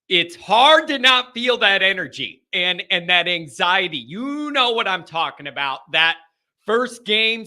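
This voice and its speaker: A man's voice: high-pitched, bright, forceful tone. A man hosting a sports call-in show, hyping up his listeners with a rallying monologue. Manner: hyped, rallying the audience. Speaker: podcast host.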